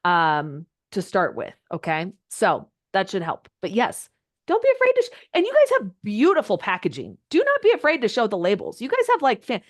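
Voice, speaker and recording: A woman coaching a group live on a video call, chatty and animated, her voice jumping up when she gets excited. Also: medium pitch, moderate pace. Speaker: social media coach. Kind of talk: live online coaching session.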